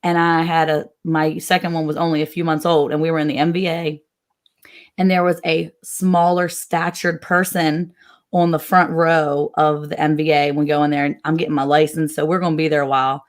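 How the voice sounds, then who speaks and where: A woman in her forties speaks in a lowish voice as a guest on a casual livestream. She tells her story with animation, acting out the people in it. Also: flat delivery, normal speed.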